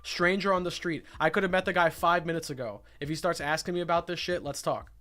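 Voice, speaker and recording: A man's voice: fairly high pitch, steady tone, fast, bright, forceful tone. A young man hosting a casual livestream chat, ranting with lots of swearing and repeated phrases. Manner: ranting, profane, repeats himself. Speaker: livestream host.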